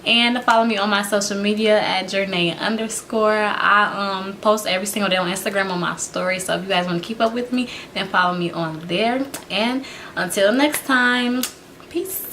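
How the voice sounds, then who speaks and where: A young woman vlogger, telling a casual storytime to viewers, animated and laughing often. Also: mid-range voice, normal speed, a little hiss or hum.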